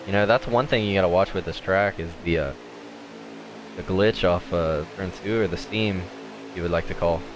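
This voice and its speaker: A man's voice: deep voice, moderate pace, background noise. A man casually commentating an online sim race as host, with lots of fillers. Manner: casual, filler-heavy play-by-play.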